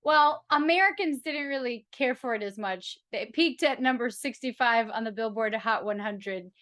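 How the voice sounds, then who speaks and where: High, giggly woman podcast co-host. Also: normal speed, fairly bright tone, no echo, studio quality. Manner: playful, giggly, reads facts aloud. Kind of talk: casual chat.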